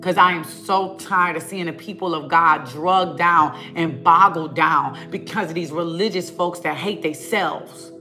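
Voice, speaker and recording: A woman's voice: fairly low pitch, measured pace, hardly any pauses, over music. A woman ministering online, preaching a fiery rant at her viewers, emphatic and scolding, with lots of repetition and casual talk.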